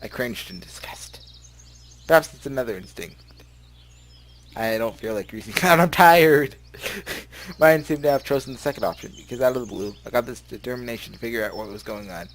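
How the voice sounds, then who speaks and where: There's slight background noise as a fast-talking man with a mid-range voice does a casual let's play from his bedroom. He reads the visual novel's text out loud and rambles about it with giggles, regularly tripping over his words.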